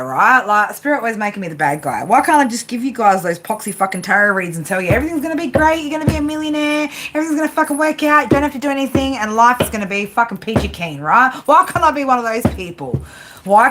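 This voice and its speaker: Over background noise, a tarot reader with a fairly high voice gives live readings. She dispenses blunt, heavily profane tough love in a rambling way, with a steady stream of "right?" tags on her lines.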